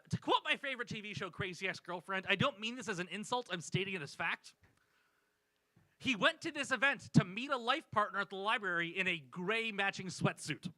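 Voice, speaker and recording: A man tells a stand-up story on a small club stage, wry and self-deprecating. His voice sits high and rings very bright. The mic picks him up close and dry. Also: no echo, rough recording. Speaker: stand-up comedian. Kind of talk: stand-up set.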